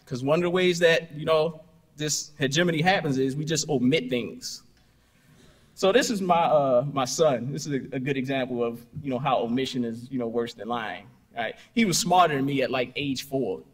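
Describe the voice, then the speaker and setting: Lively keynote man in a reverberant hall. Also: mid-range voice, moderate pace. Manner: conversational, tags "right?" and "you know" constantly; storytelling with punchy asides and rhetorical questions. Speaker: keynote speaker. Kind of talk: conference keynote talk.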